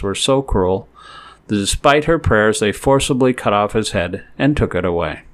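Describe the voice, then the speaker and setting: A man with a lowish voice reads scripture verses aloud, reciting each one slowly. He then offers word-by-word glosses and a translation, all delivered in a measured way.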